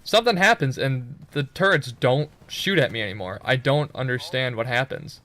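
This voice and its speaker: A man's voice: medium pitch, lively intonation, moderate pace, a bit bright. A young man giving loose, profane, rambling commentary over his own gameplay footage, full of joking asides.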